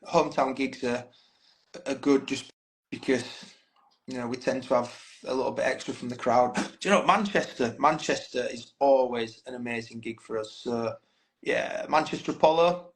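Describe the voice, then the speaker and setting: A band frontman with a medium-pitched voice speaks at normal speed on a poor-quality recording. As a casual podcast guest he's chatty and frank, swearing freely and using "mate" a lot.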